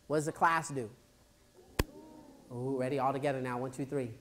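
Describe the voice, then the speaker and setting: A lively male speaker addresses a high school assembly, telling a story from his childhood with great energy. He punctuates it with sound effects and call-and-response questions, swinging from hushed moments to loud bursts. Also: a little fast, pauses often, background noise. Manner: animated storyteller who acts out scenes, makes sound effects and quizzes the crowd. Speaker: motivational speaker. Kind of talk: motivational school assembly speech.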